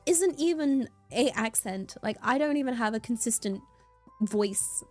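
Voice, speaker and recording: A woman's voice: a little high, lively intonation, unhurried, darkish tone, faint music behind. A young British woman with a mixed rural accent, chatting casually on a livestream in a bubbly, giggly, rambling way. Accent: British, mixed rural and taught English. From United Kingdom. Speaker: streamer.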